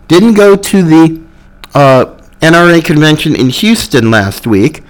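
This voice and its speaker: Guy hosting a podcast, high voice, slow deliberate ranting monologue. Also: lively intonation, rough recording. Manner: impassioned, argumentative, with mocking quotes. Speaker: podcast host. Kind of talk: political commentary monologue.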